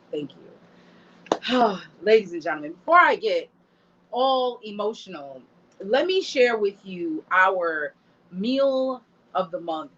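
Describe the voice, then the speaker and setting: A woman's voice: mid-range voice, fairly bright tone. A woman hosting a casual online show, talking straight to the audience and openly moved. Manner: emotional, talks to the audience directly. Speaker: host. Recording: dull lo-fi stream audio.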